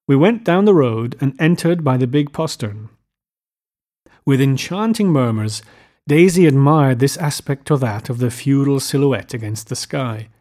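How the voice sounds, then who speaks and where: Male audiobook narrator, measured literary reading, steady and descriptive. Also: mid-range voice.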